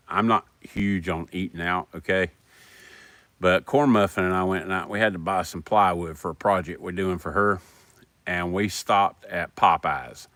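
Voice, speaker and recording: A middle-aged man from South Carolina with a thick Southern drawl and a very deep voice. He rambles in a folksy, homespun way while chatting to his live-stream viewers outdoors by a fire at night, with dogs around him. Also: fairly bright tone, dry recording. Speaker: livestream host. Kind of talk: casual live stream chat.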